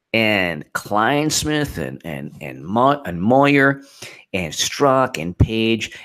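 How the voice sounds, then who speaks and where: Guy ranting about the news, kinda low voice, sarcastic and fed up. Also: a bit bright. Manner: sarcastic, incredulous, exasperated. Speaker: political commentary host. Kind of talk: off-the-cuff political commentary.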